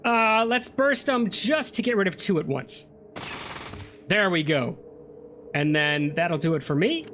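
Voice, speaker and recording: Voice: mid-range voice, animated, measured pace, pauses often, a bit bright, a little hiss or hum. Chatty let's play host, joking thru a first playthrough, voice bounces up and down a lot. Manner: chatty, joking, reads game text aloud. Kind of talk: casual gameplay commentary.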